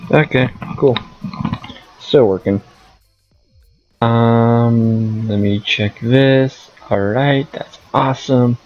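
A man's voice: medium pitch, steady tone, extremely slow, pauses often, lo-fi sound, soft background music. A man giving casual gameplay commentary as a streamer, rambling and thinking aloud. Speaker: gaming streamer.

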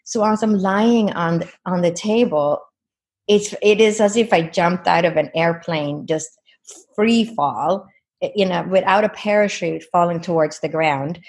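Woman, low-pitched, interview guest, vivid earnest retelling, frequent "you know". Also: measured pace, darkish tone. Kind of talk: personal storytelling.

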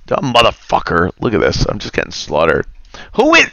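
A man's voice: lowish voice, wildly swooping pitch, brisk, sharp tone, no room sound. A man streaming a video game, grumbling and cursing in a casual rant with muttered asides. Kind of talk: casual rant while gaming.

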